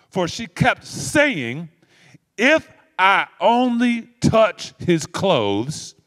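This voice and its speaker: Pastor man preaching slow, voice swinging way up and down, repeats lines over and over, big church reverb. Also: a little high, fairly bright tone. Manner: call-and-response preaching, repeats phrases for emphasis. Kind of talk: sermon. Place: church sanctuary. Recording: long church hall reverb.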